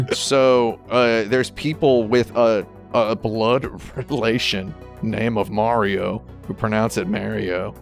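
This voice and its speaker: A man's voice: fairly low pitch, fairly even intonation, slow pace, vocal fry, hardly any pauses, soft background music. A man on a game podcast panel, talking in casual, rambling, jokey tangents. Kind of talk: casual chat.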